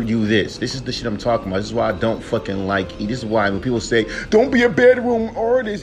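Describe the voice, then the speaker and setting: A young man hosting a solo podcast, ranting heatedly and profanely, sometimes mocking the people he criticizes in put-on voices. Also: fairly low pitch. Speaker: podcast host.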